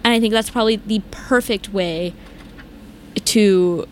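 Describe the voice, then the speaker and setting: A young woman co-hosting a casual chat, ranting animatedly with lots of "like" and big jumps in pitch. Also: measured pace, slight background noise. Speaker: podcast co-host.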